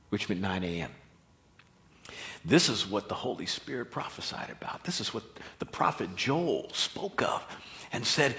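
A man with an American accent preaching a sermon in an emphatic, expressive delivery. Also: fairly low pitch, normal speed, gravelly.

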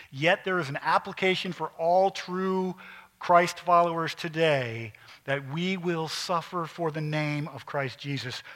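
A man delivers a sermon with a bright, forceful tone set a little above the usual male pitch. He preaches earnestly, swelling to emphatic peaks and falling to quiet, close asides. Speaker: pastor.

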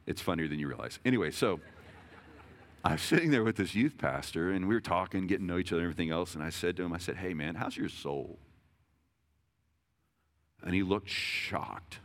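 A man's voice: low-pitched, lively intonation, quick pace. A man in his thirties preaching a sermon in a conversational, self-deprecating way, with jokes and frequent restarts. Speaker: pastor.

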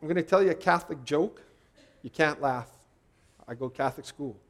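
A man's voice: fairly high pitch, a little fast. A man in his forties preaching a sermon, talking conversationally and putting rhetorical questions to the congregation. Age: 40s.

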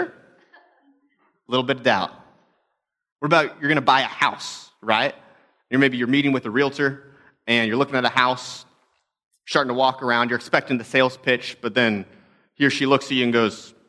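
A man's voice: mid-range voice, fairly even intonation, brisk, long pauses, sharp tone. A young adult man, a pastor, telling stories in a conversational, self-deprecating sermon talk.

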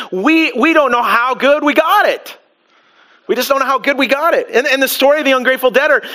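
A man preaching a sermon as pastor, animated, asking rhetorical questions and acting out the people in the story. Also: very high voice.

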